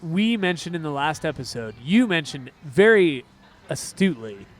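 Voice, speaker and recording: A man co-hosting a casual music podcast, talking in an excitable, rambling way with quick asides. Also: on the high side. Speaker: podcast co-host. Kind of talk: casual chat.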